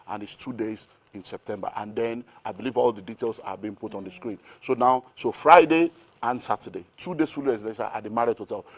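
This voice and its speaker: Fast-talking Nigerian man. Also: mid-range voice. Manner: energetic, piles up rhetorical questions. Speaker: business mentor as guest. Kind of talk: animated interview talk.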